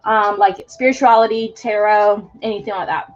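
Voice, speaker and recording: A woman's voice: mid-range voice, fairly even intonation, normal speed, muffled recording, soft background music. A young woman giving live tarot readings, talking casually with many fillers about spiritual topics. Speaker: tarot reader.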